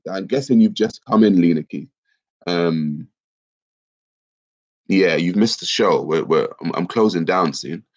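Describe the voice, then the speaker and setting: Lively, low-voiced male livestream host, congested, reading chat aloud; dull lo-fi audio. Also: measured pace, long pauses. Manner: reads viewer comments aloud, lively and chatty. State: congested, bunged up.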